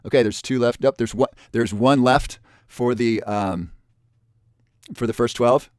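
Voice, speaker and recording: A man hosts an online webinar and pushes the sale of a course. His voice sits at a middle pitch. He keeps repeating the price and how many spots are left, and the sound is dry and close. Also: a little slow, no room sound. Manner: pushy salesman tone, repeats offers and counts down spots. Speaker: webinar presenter.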